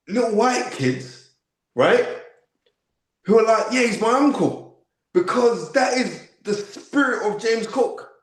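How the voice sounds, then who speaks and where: A man of fifty with a London accent, telling stories as a podcast guest in an emphatic, animated way. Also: sits high. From United Kingdom. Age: 50s. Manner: emphatic, acts out quoted voices, frequent "you know what I mean". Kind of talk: animated interview storytelling. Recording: echoey room.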